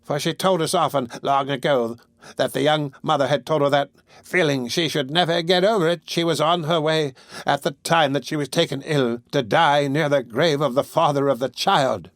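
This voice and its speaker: A man lightly acts the part of a shrivelled, accusing old hag, pitching above his own voice so it comes out a little high. He speaks at normal speed in a studio-quality recording with no room sound.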